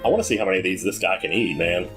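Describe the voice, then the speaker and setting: A man with a fairly low voice talks his way through a video game in a loose, joking manner, often addressing the characters on screen. Soft game music plays underneath. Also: racing. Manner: chatty, jokey, talks to the game's characters. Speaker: gameplay commentator. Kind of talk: casual let's-play commentary.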